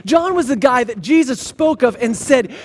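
A man with a strikingly high voice preaches a sermon. He retells the scripture stories in a lively, casual way and drops dry, sarcastic asides along the way. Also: normal speed. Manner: animated storytelling with sarcastic asides. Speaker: pastor.

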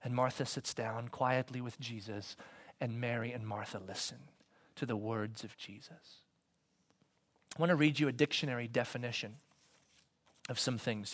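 A man giving a conversational sermon as a pastor, swinging from loud emphasis to soft whispers and asking his listeners questions. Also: mid-range voice, moderate pace, long pauses. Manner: conversational, asks the congregation questions.

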